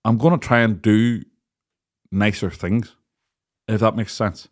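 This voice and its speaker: A man's voice: fairly low pitch, slow. A man in his late thirties with a Northern Irish accent, hosting a podcast and telling crude stories with lots of laughter. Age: late 30s. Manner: laughing storyteller, crude jokes, lively. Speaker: podcast host. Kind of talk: casual chat.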